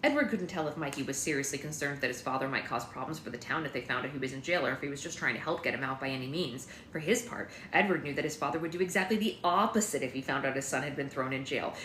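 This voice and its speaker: A woman's voice: low voice, echoey room, slight background noise. A woman, the author, reading her own novel aloud on a live stream and chatting casually at home. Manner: lively, laughs easily.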